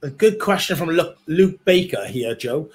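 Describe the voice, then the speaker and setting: A man's voice: on the high side, animated, normal speed. A man co-hosting a casual football watchalong, chatty and reading viewer comments aloud. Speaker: co-host.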